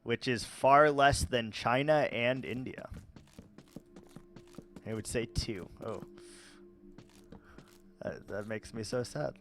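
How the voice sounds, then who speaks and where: A man casually chatting with viewers while playing a game, rambling and relaxed with many fillers and restarts. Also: mid-range voice, slow pace, long pauses, soft background music. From United States. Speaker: gaming vlogger. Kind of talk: casual let's-play chat answering viewers.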